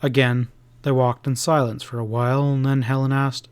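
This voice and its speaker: A man narrating a classic western audiobook in a measured, steady reading. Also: medium pitch, clear, resonant tone.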